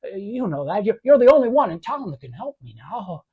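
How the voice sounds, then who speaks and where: A man's voice: high voice, big pitch swings, a little fast, breathy edge, exaggerated voice. A man doing an impression of a desperate young man who stammers and repeats himself while begging for help, in a dull, muffled recording. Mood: flustered. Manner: stammering, pleading, repeats words. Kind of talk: voice impression of a film scene.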